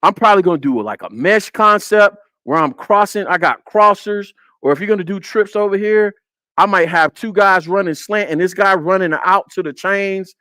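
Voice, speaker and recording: A man's voice: high voice, normal speed, pushed and bright, no echo. A man hosting a casual football film breakdown on a live stream, repeating his points and talking to the chat.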